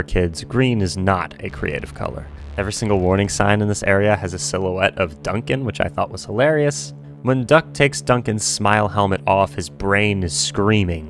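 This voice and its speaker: A man talking through a video analysis of a show in a wry, joking and speculative way. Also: low voice. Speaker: commentary host.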